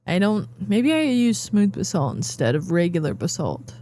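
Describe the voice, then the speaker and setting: A tired woman streamer rambling and thinking out loud as she plays a game, with playful asides. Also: fairly low pitch, sing-song, normal speed, no echo. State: yawning, tired. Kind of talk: casual gameplay commentary.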